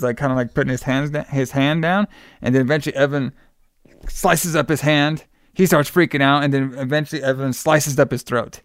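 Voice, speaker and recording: A man's voice: medium pitch, smooth, no echo, studio quality. A man casually recapping a film plot for a podcast, rambling with fillers and playful asides. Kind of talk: casual movie recap chat.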